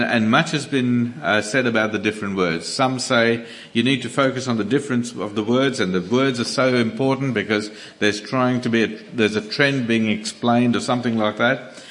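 A man preaches in an easygoing, conversational sermon. His voice sits at an ordinary middle pitch, and he often trips into small restarts and fillers as he works through his point. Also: fairly bright tone. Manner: conversational, many restarts and fillers, slows down to read scripture.

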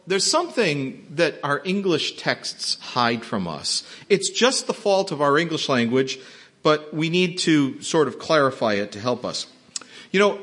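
A man's voice: a little high, a bit bright, slightly rough. A man preaching a sermon, explaining a Bible passage with emphatic rhetorical questions. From not from Texas. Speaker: pastor.

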